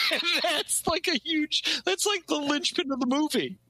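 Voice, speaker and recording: A man's voice: very high voice, measured pace, pushed and bright, no room sound, poor audio. A man co-hosting a casual comedy podcast chat, rambling, swearing and laughing often. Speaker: podcast co-host.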